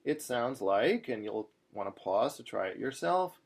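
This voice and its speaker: A cantor giving a patient screen-share lesson on Torah chanting, explaining each step and singing short chanted examples. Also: male voice, mid-range voice, lively intonation, a little slow, gravelly, breathy edge.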